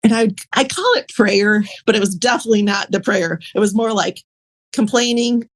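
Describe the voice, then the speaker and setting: A woman, a podcast guest, telling her personal story in a candid, rambling way, full of fillers and soft laughs. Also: mid-range voice, normal speed.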